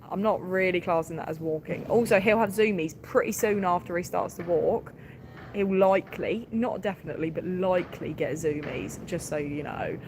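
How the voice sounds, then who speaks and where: A woman's voice: lowish voice, normal speed, a little mellow, a little hiss or hum. A tired woman, a livestock farmer chatting casually on a live stream, giggling often and filling gaps with ums. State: tired, short on sleep.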